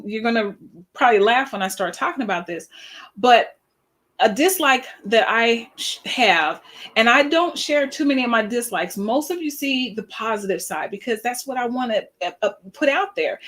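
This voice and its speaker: A woman in her fifties talks to her online followers in an easy, chatty live-stream manner. Her voice sits a little high, and she tells her stories with animation, sprinkling in fillers and laughter. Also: normal speed. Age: 50s. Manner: animated storytelling, acts out quoted voices. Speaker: social media coach.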